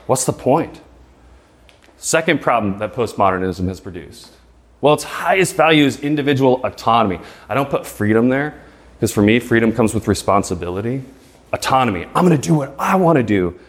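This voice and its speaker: A man in his thirties lectures a room with mid-range pitch and fervent emphasis. He fires rhetorical questions, tags his points with "right?" and trips over doubled words as his excitement builds. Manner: gets excited and stumbles over repeated words. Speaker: speaker giving a talk. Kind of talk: live presentation to an audience.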